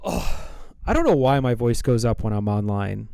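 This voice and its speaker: A man's voice: mid-range voice, sing-song, moderate pace, creaky, warm tone, clean tone, no echo. A man chatting casually on a live stream while he draws, rambling and playful as he thinks aloud.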